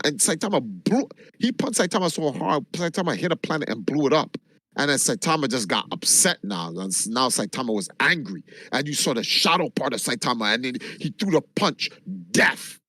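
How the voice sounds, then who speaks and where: Animated man streamer telling a wild story. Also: on the high side, no echo. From Jamaica. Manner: animated storytelling, swearing freely. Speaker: livestreamer. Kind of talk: casual chat.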